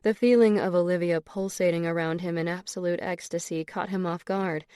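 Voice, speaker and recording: A woman's voice: lowish voice, mellow, clean tone, dry recording. Woman narrating an audiobook, dry and close.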